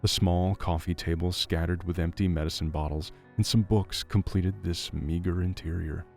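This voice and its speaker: Gravelly deep-voiced male story narrator. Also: fairly even intonation, moderate pace, darkish tone, faint music behind.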